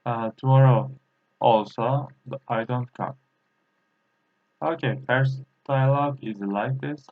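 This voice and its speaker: A man, a native Turkish speaker, giving a language lesson in English, halting and repeating words slowly with many fillers. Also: medium pitch. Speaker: language teacher. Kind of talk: slow spoken language lesson. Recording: tinny phone-like audio.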